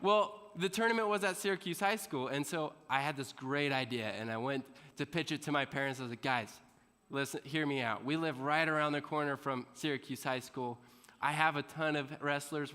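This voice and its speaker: A man with a fairly high, bright, forceful voice gives a motivational talk to students, telling a story with animation and often asking questions of the audience. His voice rings with a long reverb, as if it were filling a large school hall. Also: clean tone. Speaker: motivational speaker.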